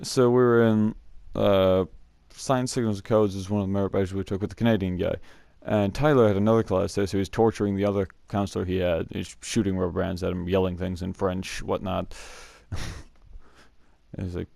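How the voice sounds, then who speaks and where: Young man, casual storyteller, rambling, frequent laughs, low gravelly voice, dry close sound. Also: flat delivery, brisk, warm tone, no room sound. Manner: rambling, laughs often, many fillers and restarts. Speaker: scout camp storyteller.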